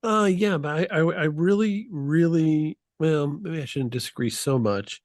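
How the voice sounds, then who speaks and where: A man's voice: fairly high pitch, unhurried, darkish tone, dry recording, studio quality. An American man co-hosting a casual podcast discussion, joking and restarting his sentences often. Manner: joking, stammering restarts, laughs at own jokes. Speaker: podcast co-host.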